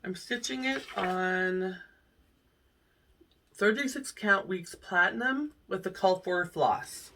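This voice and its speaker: A woman's voice: medium pitch, slow pace, bright, forceful tone, recorded from a distance. A middle-aged woman chatting casually to camera about her cross-stitch projects, rambling and laughing often. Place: home room.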